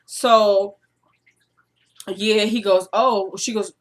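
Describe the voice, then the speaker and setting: A woman's voice: medium pitch, steady tone, normal speed. A woman recapping a TV drama episode in a casual, chatty way, acting out the characters' lines while she has a cold. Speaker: TV recap vlogger. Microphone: camera.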